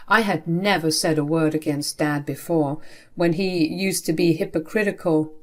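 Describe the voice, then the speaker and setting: A woman's voice: low voice, steady tone, normal speed. A young adult woman telling a first-person story in a plain, matter-of-fact way. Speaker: narrator.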